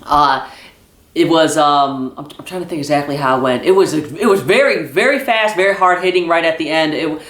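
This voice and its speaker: A man talks through a wrestling event in a casual, rambling vlog, full of fillers and restarts. His voice sits a little high for a man, and the room around him is echoey. He sounds like an excited fan. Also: moderate pace. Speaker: wrestling vlogger.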